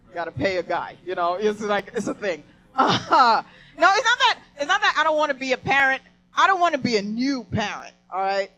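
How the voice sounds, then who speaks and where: A young woman doing a stand-up set, with a high voice that swings widely in pitch. She swears freely and keeps breaking into laughter at her own punchlines. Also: sharp tone, poor audio. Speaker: stand-up comedian. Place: live comedy venue.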